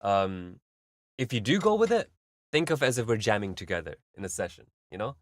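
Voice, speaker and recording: Low-voiced man giving casual music feedback. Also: big pitch swings, fairly quick, dry recording, clean studio sound. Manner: rambling, filler-heavy, explains with vivid analogies. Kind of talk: casual live-stream commentary.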